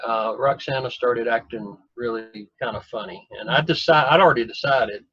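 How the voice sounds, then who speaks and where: A guest tells a long personal story in a folksy, rambling way, poking fun at himself. His voice is medium-pitched, husky and fairly bright at a moderate pace, captured on a dull, lo-fi, dry recording.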